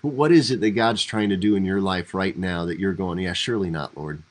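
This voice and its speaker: A man's voice: low voice, animated, normal speed, rough recording. A man teaching a devotional Bible study as a pastor, talking conversationally and acting out quoted lines with rising emphasis. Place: church livestream.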